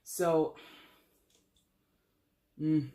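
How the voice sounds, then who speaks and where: A tarot reader talking through a casual reading in a blunt, emphatic way. The voice jumps up high to stress a point, and the speaker laughs often and swears casually. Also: drawn-out words. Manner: animated, leaps in pitch for emphasis.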